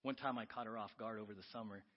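A pastor preaching a sermon, swinging between loud, urgent questions and quiet, confiding asides. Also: male voice, fairly low pitch, fairly even intonation, very fast, dull audio.

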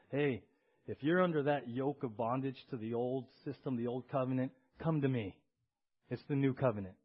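A pastor preaching a sermon, swinging between loud emphasis and hushed asides. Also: male voice, medium pitch. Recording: dull lo-fi church audio recording.

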